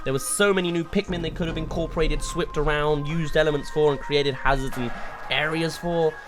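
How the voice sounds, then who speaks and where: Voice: mid-range voice, fairly even intonation, a little fast, music in the background. A game reviewer giving a rambling, exasperated video review, full of rhetorical questions.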